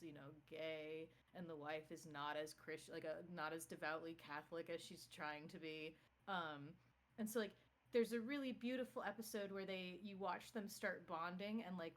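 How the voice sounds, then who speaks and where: A woman's voice: medium pitch, a bit bright. Rambling woman chatting on stream. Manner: rambling, filler-heavy storytelling. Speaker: co-player on a game stream. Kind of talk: casual chat.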